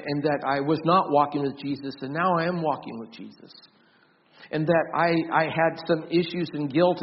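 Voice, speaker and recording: Earnest pastor preaching, lo-fi church audio. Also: male voice, a little high. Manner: earnest, repeats words and restarts often, rises loud for emphasis then drops soft. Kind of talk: sermon.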